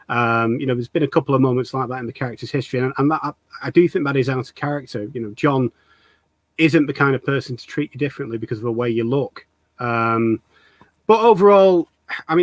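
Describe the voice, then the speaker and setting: A man's voice: mid-range voice, no room sound. A man from the UK hosting a casual fan interview, explaining his views in an earnest, thorough way. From United Kingdom. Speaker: host.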